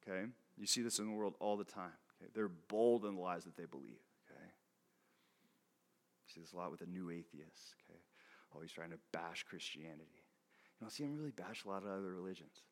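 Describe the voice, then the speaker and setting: Low-voiced and a bit bright, the man preaches in a conversational, informal way. He's a pastor who checks in often with "okay?", laughs between his points and repeats words as he starts over.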